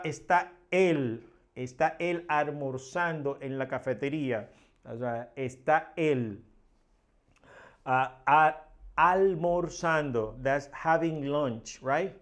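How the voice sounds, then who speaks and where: A man, a Spanish native speaker, teaching a language lesson in English, explaining step by step and often repeating words and checking with "right?". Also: mid-range voice.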